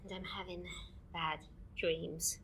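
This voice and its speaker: A woman's voice: on the low side, little pitch movement, takes it slowly, a bit bright, reverberant, slight background noise, rough recording. A woman playing a tired archivist who talks in a hesitant, uneasy way. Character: tired young woman archivist haunted by dreams. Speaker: archivist recording old stories.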